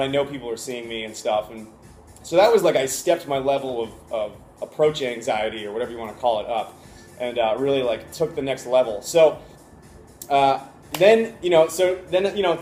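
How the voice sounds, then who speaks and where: A man in his twenties telling a story in a casual vlog, animated and full of fillers like "like" and "you know". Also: mid-range voice. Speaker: vlogger. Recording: echoey room, faint ambient noise.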